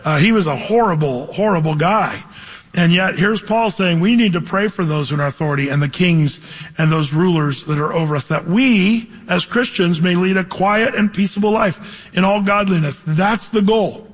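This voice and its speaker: High-voiced husky male pastor. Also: moderate pace, long reverb tail. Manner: conversational, reads scripture aloud and asks the congregation questions. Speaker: pastor teaching a Bible study. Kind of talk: verse-by-verse sermon.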